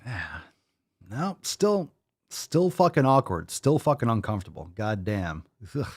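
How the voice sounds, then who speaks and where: A man's voice: fairly low pitch, very animated, normal speed. A man hosting a podcast, ranting in a heated, mocking and foul-mouthed way. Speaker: podcast host. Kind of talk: profane fired-up rant.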